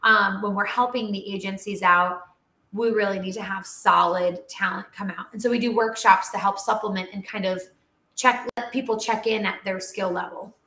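A woman who trains dogs and animal talent, telling a story in a casual interview with animated, chatty energy and lots of "like.". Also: mid-range voice, moderate pace. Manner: animated, chatty, heavy use of "like". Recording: roomy echo.

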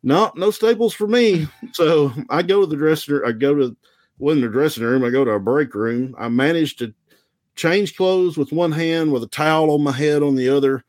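A man from the American South, a former wrestler, telling stories in a relaxed, rambling, self-deprecating way. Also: on the high side, moderate pace, dry recording. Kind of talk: casual storytelling.

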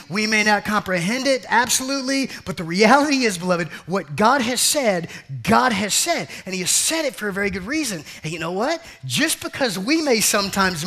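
A man's voice: high-pitched, pushed and bright. A man preaching a sermon as pastor, repeating his points and calling his listeners family and beloved. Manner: repeats phrases, calls listeners family and beloved, acts out jokey quotes.

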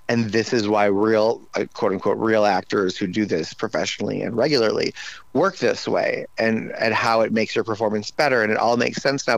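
Tired man telling animated stories. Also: on the low side, no room sound, highs cut off. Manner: animated, acts out his own outbursts in raised voice. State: tired, slightly strained voice. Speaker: guest. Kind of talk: casual interview chat.

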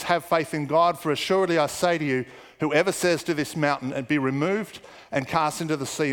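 A pastor with a fairly high voice preaches a sermon in a large hall, telling stories and slipping into hushed, muttered asides whenever he quotes people.

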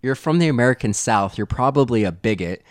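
A man in casual chat, rambling through a movie recap and tossing in quick impressions of the characters. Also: medium pitch, lively intonation, no room sound, clean studio sound.

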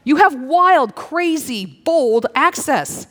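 A middle-aged woman preaching a sermon, playful and animated, slipping into little acted-out dialogues. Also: sits high, slow. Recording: long hall reverb.

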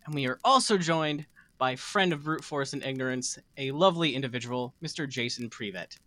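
A man's voice: medium pitch, fairly quick, bright, forceful tone. A man hosting a podcast chat, playful and jokey with his co-hosts. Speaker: podcast host. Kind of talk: casual chat.

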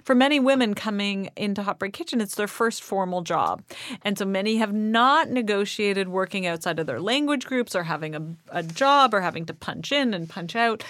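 A woman's voice: mid-range voice, animated, moderate pace, a bit bright, no echo. Chatty woman guest, laughing often. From Canada. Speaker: guest, nonprofit kitchen leader. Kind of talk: casual interview chat.

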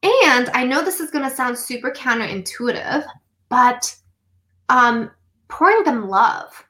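A woman from the United States shares a personal story in a bright, fairly high voice. She speaks earnestly and from the heart, often saying "um" and "like", and slows down to stress key lines. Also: rough recording. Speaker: guest.

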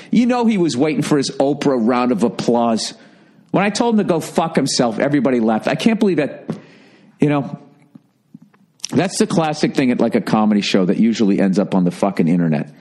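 A stand-up comedian telling a profane anecdote, ranting indignantly with heavy swearing. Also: male voice, medium pitch, very animated, moderate pace, a little mellow.

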